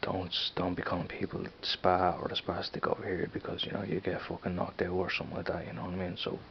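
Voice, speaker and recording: A young Dublin man talks loosely to the camera, with a deep, flat, gravelly voice. He rambles and repeats words as he goes. The recording is dull and lo-fi, with a faint hiss behind him. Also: quick pace. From Ireland. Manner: rambling, repeats words, frequent "you know what I mean". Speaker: vlogger. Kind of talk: casual accent-tag vlog.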